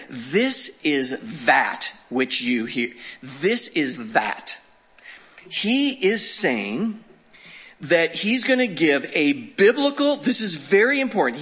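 A man's voice: a little high, bright, forceful tone, husky. A man preaching a conversational sermon and teaching through scripture with rhetorical questions. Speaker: pastor.

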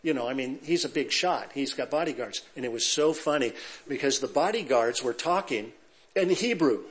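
A man's voice: medium pitch, moderate pace. A middle-aged man from Southern California, a pastor telling jokes and stories to his congregation. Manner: lively storyteller, joking with the audience. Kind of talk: sermon with humorous anecdotes.

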